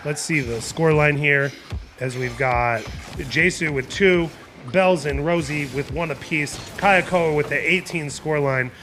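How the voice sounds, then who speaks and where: A man's voice: fairly high pitch, a little slow, pushed and bright. A young man casting a live video game match with playful, jokey play-by-play over background music. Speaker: esports caster.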